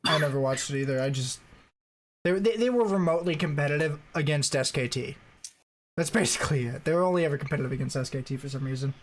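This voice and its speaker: A man's voice: fairly high pitch, quick pace. A man co-hosting a casual esports podcast, rambling as he recalls facts aloud. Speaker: podcast co-host.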